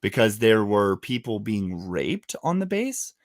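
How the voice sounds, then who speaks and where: A man's voice: on the low side, big pitch swings, a little slow, dry recording, studio quality. A man hosting a podcast, chatting casually and telling stories in a profane, teasing way. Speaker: podcast host.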